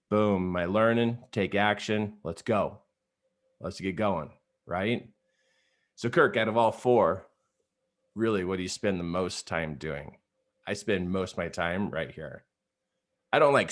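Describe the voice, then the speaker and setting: Brief: middle-aged male motivational trainer, slightly low voice, upbeat and chatty, checking in with his audience often. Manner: energetic, conversational, lots of "you know" and "right?". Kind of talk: live online coaching talk.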